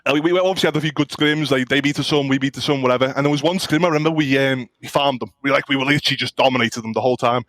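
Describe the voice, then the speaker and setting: A man's voice: medium pitch, rapid-fire, hardly any pauses, a bit bright, dry recording. Rambling man, slangy guest talk. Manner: rambling, loose, heavy slang and swearing. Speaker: pro player guest. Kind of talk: casual esports chat.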